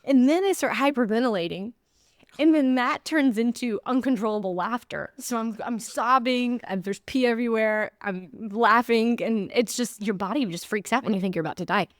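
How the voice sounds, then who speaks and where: A young adult woman, an actress guest, telling funny stories in an animated way, often laughing, in a casual interview. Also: on the high side, moderate pace, dry recording, studio quality.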